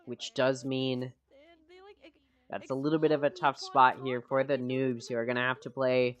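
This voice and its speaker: A man's voice: mid-range voice, moderate pace, dull audio. Man casting a game play-by-play. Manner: steady explanatory play-by-play, rises for big plays. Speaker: esports caster. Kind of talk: play-by-play commentary.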